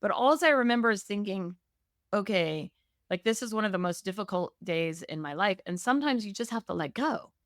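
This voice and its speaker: A woman's voice: medium pitch, expressive, a little fast, a bit bright, no echo, clean studio sound. A middle-aged woman, a real estate agent, telling her own story candidly in an interview, often tagging "right?". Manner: emotional, candid, many "right?" tags.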